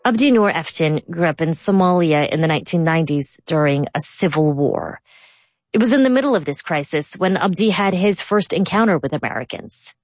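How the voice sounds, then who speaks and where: A woman hosting a news podcast, narrating a scripted story in a measured, clear way and interviewing a guest. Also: lowish voice, expressive, a little mellow, dry recording, faint music behind. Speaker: host.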